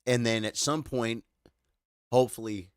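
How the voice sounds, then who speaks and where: A man chatting live with his viewers, tired and choked up, halting and repeating words as he talks. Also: medium pitch, fairly even intonation, clear, resonant tone, no room sound, studio quality. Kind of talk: casual live-stream chat.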